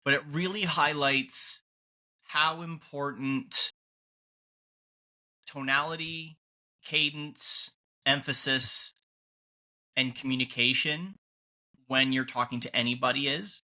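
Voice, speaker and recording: A man's voice: mid-range voice, fairly even intonation, slow, long pauses, sharp tone. A man hosting a casual podcast, talking emphatically and often restarting his phrases. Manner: emphatic, restarts and repeats words. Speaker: podcast host.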